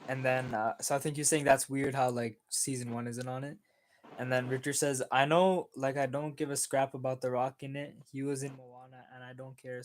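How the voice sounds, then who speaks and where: Young man, mid pitch, easygoing, hesitant, lots of fillers, casual stream co-host. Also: bright, forceful tone, a little hiss or hum, low-quality recording. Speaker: co-host reading chat. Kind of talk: casual livestream chat.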